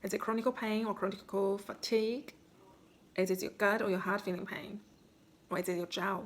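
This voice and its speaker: Calm woman coaching reflection questions. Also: mid-range voice, moderate pace. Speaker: spiritual healing coach. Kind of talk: guided self-reflection talk.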